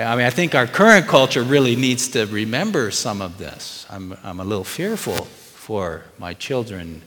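A man's voice: fairly low pitch, fairly bright tone, big-room sound. A middle-aged man preaching a sermon, earnest and conversational, asking the congregation questions as he goes. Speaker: pastor.

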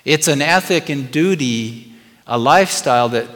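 A man's voice: medium pitch, moderate pace, a bit bright, big-room sound. A middle-aged man preaching a sermon, earnest and conversational, asking the congregation questions as he goes. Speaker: pastor.

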